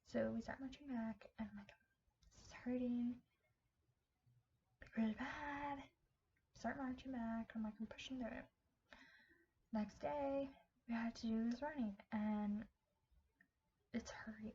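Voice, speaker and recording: A young woman vlogger telling a long personal story in rambling casual chat, full of "like" and "I'm like", often dropping into a hushed, breathy whisper. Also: on the high side, muffled recording.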